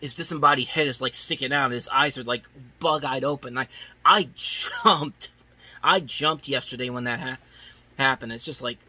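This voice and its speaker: A man's voice: medium pitch, steady tone, a little fast, pushed and bright, no echo. A young man casually reviewing a movie, enthusiastic and rambling, with many restarts and filler words.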